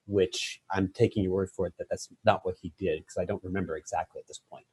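A man co-hosting a casual discussion, pushing back with animated arguments about rhythm and stress. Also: on the low side, a little fast, slightly rough, no echo. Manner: argumentative, animated, explains stresses with sweeping emphasis. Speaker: podcast co-host. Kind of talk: casual debate.

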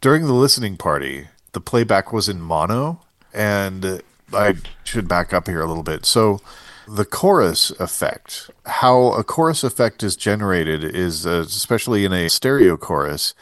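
A man's voice: sits low, expressive, moderate pace, a bit bright, no echo. A man co-hosting a podcast, explaining a technical audio point step by step. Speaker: podcast co-host. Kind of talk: casual explanation.

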